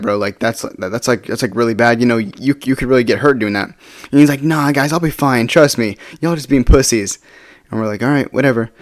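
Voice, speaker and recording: A young man tells a party story in a casual, rambling way, full of restarts and fillers. He talks fast and acts out his friends' lines in quick quotes. His mid-pitched voice sounds close and dry. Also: no room sound.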